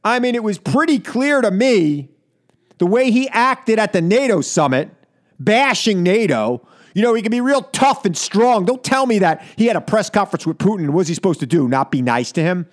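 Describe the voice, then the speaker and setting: A man's voice: sits high, big pitch swings, normal speed. A man hosting a political talk radio show, delivering an indignant, emphatic monologue with lots of repetition. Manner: indignant, emphatic, repeats for effect.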